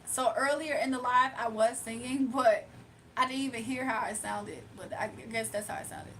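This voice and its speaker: A woman with a high voice holds a loose, animated livestream chat. She talks in slang, drawls her words, mocks people and often breaks into laughter. Faint noise sits behind her. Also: normal speed, recorded from a distance.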